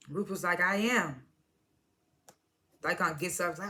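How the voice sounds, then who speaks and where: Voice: mid-range voice, slow pace, pauses often, a bit bright. A speaker casually recapping a TV episode, retelling scenes as quoted dialogue, swearing freely and chuckling along. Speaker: TV episode reviewer.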